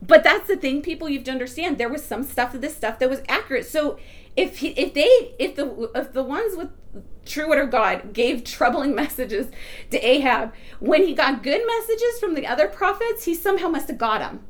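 A woman teaching a Bible passage to a congregation, excitable, often laughing and restarting her sentences. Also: high-pitched, moderate pace. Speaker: preacher.

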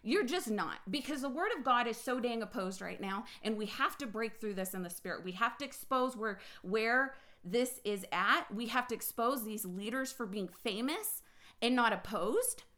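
A woman preaching an impassioned personal sermon on her podcast, swinging from quiet talk to loud, excited bursts. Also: fairly high pitch, moderate pace, reverberant. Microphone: phone recording.

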